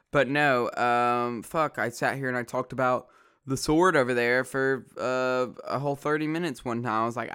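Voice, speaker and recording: A man's voice: medium pitch, a bit bright, clean tone. Rambling, foul-mouthed man. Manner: swears a lot, rambling with many fillers. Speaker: vlogger. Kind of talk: casual rambling monologue.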